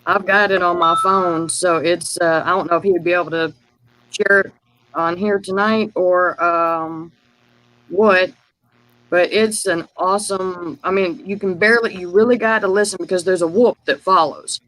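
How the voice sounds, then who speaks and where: A man's voice: high-pitched, fairly even intonation, normal speed, bright, forceful tone, poor audio. A man casually telling a rambling story on a live call, full of fillers and restarts. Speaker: guest sharing field experiences.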